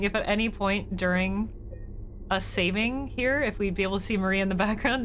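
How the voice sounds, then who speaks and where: A woman's voice: mid-range voice, steady tone, fairly quick, faint music behind. A woman streamer chatting casually as she plays, thinking aloud and talking to her viewers. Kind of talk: casual gameplay commentary.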